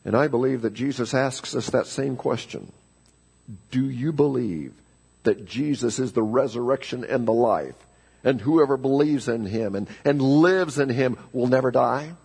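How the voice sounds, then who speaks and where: Man, pastor, sermon, gravelly, husky, rising and falling emphasis. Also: mid-range voice, a little slow. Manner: preaching with swings from quiet to loud emphasis. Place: church sanctuary.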